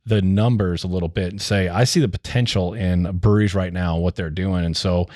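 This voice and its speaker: Low-voiced rambling man. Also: steady tone, a little fast, warm tone, no echo, clean studio sound. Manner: rambling, filler-heavy, restarts a lot. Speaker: brewery co-founder guest. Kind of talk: casual podcast storytelling.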